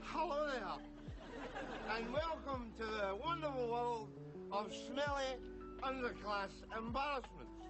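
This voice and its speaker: An actor playing a scruffy, sardonic Glaswegian man in a TV comedy clip, delivering a deadpan monologue to camera in a very thick accent. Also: very high-pitched, slow, over a noisy crowd, poor audio. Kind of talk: TV comedy sketch. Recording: TV clip with loud music.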